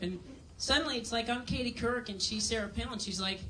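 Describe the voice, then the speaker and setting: A woman's voice: a little high, fast, fairly bright tone, far from the mic, a little hiss or hum. A woman doing a stand-up comedy set on a club stage, telling dry, self-mocking stories and acting out other people's voices.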